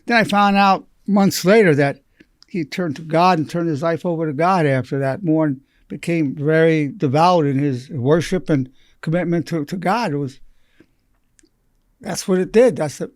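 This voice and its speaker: A man's voice: a little high, moderate pace, no room sound, studio quality. A man in his eighties, a psychologist giving a recorded lesson through patient stories, talking earnestly and repeating key phrases for emphasis. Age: 80s.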